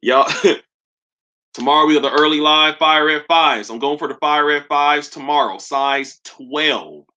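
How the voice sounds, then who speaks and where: A young man hosts a casual sneaker live stream, reading comments and roasting viewers with loose, slangy jokes. His voice sits a little high and sounds bright and forward. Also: a little slow.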